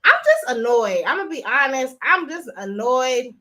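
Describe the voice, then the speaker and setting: A woman with a high, bright voice chats with her live-stream viewers in a loose, blunt way, swearing freely. She talks into a phone. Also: big pitch swings, moderate pace. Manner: chatty, blunt, profane. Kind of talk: casual live-stream chat.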